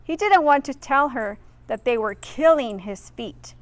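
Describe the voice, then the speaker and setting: A woman's voice: high voice, animated, a little slow, no room sound. A woman reading a children's picture book aloud expressively, adding friendly asides for her listeners. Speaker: reader.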